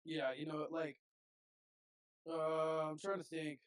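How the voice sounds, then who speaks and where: A man's voice: on the high side, little pitch movement, slow, smooth, dry recording, rough recording. A man, a band's frontman, chatting as a podcast guest in a laid-back way, full of "like" fillers. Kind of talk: casual podcast chat.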